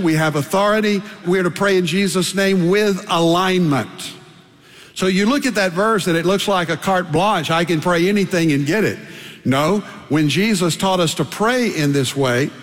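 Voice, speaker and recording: An older male pastor preaches with emphasis and piles up repeated phrases to drive each point home. His voice sits high for a man. It rings out with the long reverb of a large church hall. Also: fairly bright tone. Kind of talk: sermon.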